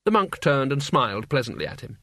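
A man narrating an audiobook in a measured, dry storytelling manner. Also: mid-range voice, big pitch swings, fairly bright tone, no echo. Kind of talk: scripted narration.

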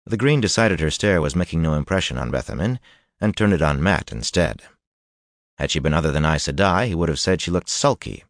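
A man reading a fantasy audiobook in a steady, even storytelling manner. His voice sits deep and the recording is close and completely dry. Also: brisk, no room sound. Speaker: audiobook narrator. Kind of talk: scripted narration.

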